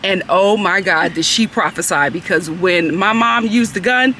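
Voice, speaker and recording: A young woman vlogger, telling a story in animated casual chat and acting out the people in it. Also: fairly low pitch, moderate pace, a little hiss or hum.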